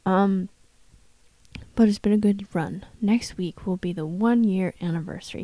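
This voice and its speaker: A woman hosting her own solo podcast, her voice hoarse and scratchy from shouting, talking in a tired, wry, self-deprecating way with frequent little laughs. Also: medium pitch, a little slow, no echo. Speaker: podcast host. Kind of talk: casual solo podcast monologue.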